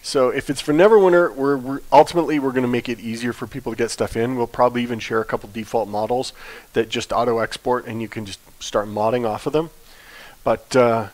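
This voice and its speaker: A man's voice: medium pitch, fairly even intonation, fast. A man co-hosting a game developer livestream, talking in a casual, opinionated and jokey way.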